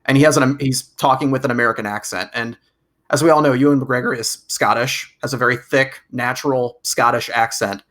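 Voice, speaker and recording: A man's voice: mid-range voice, fairly even intonation, fairly quick, a bit bright. A man co-hosting a movie podcast, chatting casually and rambling with many restarts. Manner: rambling, restarts with stacked repeats. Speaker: podcast co-host. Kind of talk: casual chat.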